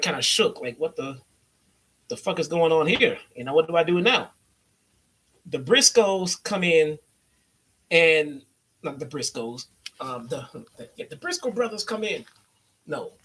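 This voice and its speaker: A man's voice: on the high side, a bit bright, husky. A young adult man from the Chicago area giving a loose, sarcastic and profane wrestling review. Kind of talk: casual profane recap.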